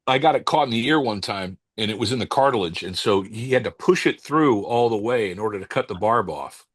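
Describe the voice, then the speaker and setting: A man, a cigar company owner and podcast guest, telling stories in a casual interview, halting and restarting as he searches for words. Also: fairly low pitch, no room sound. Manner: calm, unhurried anecdote telling.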